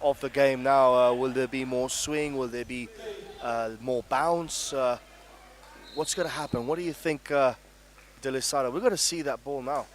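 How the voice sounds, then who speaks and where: A man's voice: mid-range voice, steady tone, moderate pace. A man co-commentating a cricket match, asking questions and reacting with enthusiasm. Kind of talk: live sports commentary.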